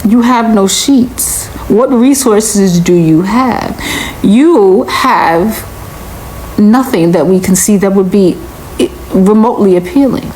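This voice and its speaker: A woman delivers a reaction commentary at an unhurried, deliberate pace. She sounds incredulous and lectures steadily, repeating her point over and over. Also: medium pitch, warm tone, slight background noise, low-quality recording.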